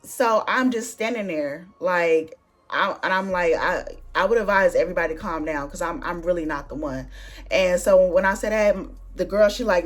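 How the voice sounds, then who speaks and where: A woman's voice: medium pitch, moderate pace, soft background music. A young woman hosting her own vlog and telling a story in casual, slangy chat. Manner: animated, slangy, conversational storytelling. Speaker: booktuber vlog host.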